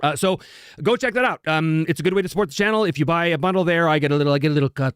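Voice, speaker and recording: A man hosting a live stream Q&A, chatty and animated, with self-deprecating humor. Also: fairly high pitch, racing, smooth, no echo, clean studio sound. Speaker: host.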